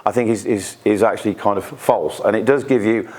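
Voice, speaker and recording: A man from the UK giving an informal presentation at an investor networking event, chatty, with quick asides and quoted voices. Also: lowish voice, darkish tone, a little hiss or hum.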